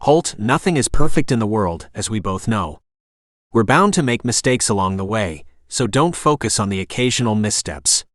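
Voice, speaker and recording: A man narrating a romance audiobook in a calm, even reading voice, giving the characters' dialogue a gentle touch. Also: fairly low pitch, normal speed, dry recording, studio quality.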